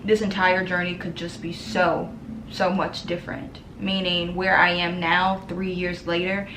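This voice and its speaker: A woman's voice: fairly low pitch, level tone, a little slow. Young woman vlogger, sincere and emotional, filler-heavy, echoey room sound. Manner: earnest, many ums, emotional and tearful at times. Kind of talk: casual heartfelt talk to camera. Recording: roomy echo with faint background noise.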